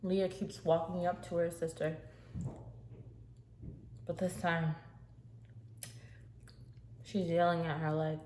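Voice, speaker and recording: A woman's voice: on the low side, little pitch movement, takes it slowly, pauses often, darkish tone. Woman telling a casual storytime. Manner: casual, chatty narration with fillers. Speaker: storytelling vlogger. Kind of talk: storytime while eating on camera. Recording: echoey room, faint hiss.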